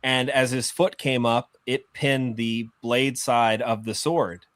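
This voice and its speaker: A film director in casual podcast chat, telling anecdotes and acting out the people in them. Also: male voice, medium pitch, slow pace, no echo. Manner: animated storyteller, acts out voices in anecdotes.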